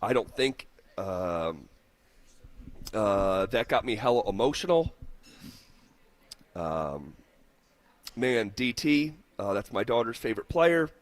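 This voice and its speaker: A man's voice: on the low side, expressive, takes it slowly, long pauses, no room sound. A male sports radio host in a studio, talking casually and reading listener messages aloud in a heartfelt way. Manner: heartfelt, reads listener texts aloud with fillers. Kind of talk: sports talk radio chat. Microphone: studio microphone.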